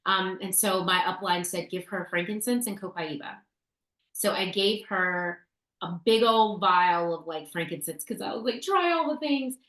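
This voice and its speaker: A woman's voice: fairly low pitch, fairly even intonation, moderate pace, fairly bright tone. A woman co-hosting a casual talk show, telling a story in a chatty way, with fillers and restarts. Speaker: podcast co-host sharing essential oil tips. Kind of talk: casual chat. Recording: roomy echo.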